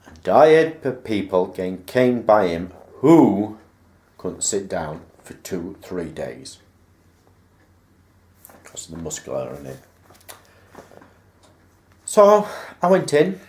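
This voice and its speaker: Man, personal storyteller, lowish voice, lively up-and-down delivery, echoey room. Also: takes it slowly, pauses often. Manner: rambling anecdote, acting out remembered dialogue. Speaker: vlogger. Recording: roomy echo.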